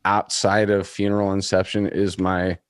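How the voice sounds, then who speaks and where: A man's voice: low-pitched, completely flat delivery, moderate pace, dry recording, clean studio sound. A young man with a Californian accent hosting a metal podcast in casual chat, rambling and enthusiastic, full of fillers and swearing. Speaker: podcast host.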